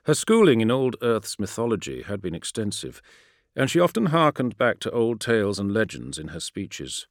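Expressive male audiobook narrator. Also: on the low side, moderate pace, dry recording, clean studio sound. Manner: expressive, dramatic storytelling. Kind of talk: scripted narration.

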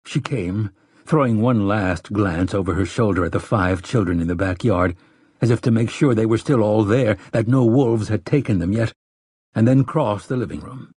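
A man reading an audiobook narration in a measured, even storytelling manner. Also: lowish voice, breathy edge, dry recording, studio quality.

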